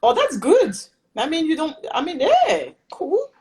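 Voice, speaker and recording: Lively woman dance teacher, laughing often. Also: sits high, a little slow. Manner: animated, laughs often, playful. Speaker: dance instructor and host. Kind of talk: casual interview chat.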